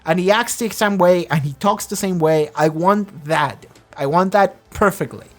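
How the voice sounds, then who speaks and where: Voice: medium pitch, normal speed, faint music behind. A reactor giving rambling, enthusiastic, profanity-laced casual commentary on a show.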